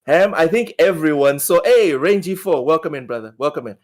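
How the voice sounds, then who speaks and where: A man's voice: fairly high pitch, animated, fairly quick. A man hosting a gaming podcast in casual chat, often repeating words as he talks. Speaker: podcast host.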